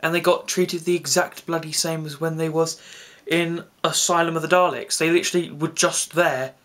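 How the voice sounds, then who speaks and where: A man giving a casual reaction video, excitable and gushing, with quick asides. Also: fairly high pitch.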